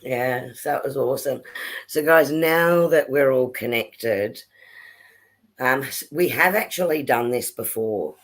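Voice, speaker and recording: Slow, unhurried man teaching on a live stream. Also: mid-range voice, a bit bright. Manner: slow, explanatory, with frequent fillers. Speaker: spiritual workshop host. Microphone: video call.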